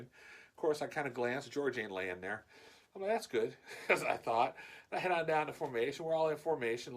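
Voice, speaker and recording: A man casually telling a story in his vlog, animated and swearing freely. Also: fairly high pitch.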